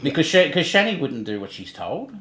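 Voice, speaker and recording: A man's voice: fairly high pitch, sing-song, brisk, fairly bright tone, roomy sound, a little hiss or hum. A man hosting a livestream, casually ranting and mocking people in online drama, laughing between points. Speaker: livestream host.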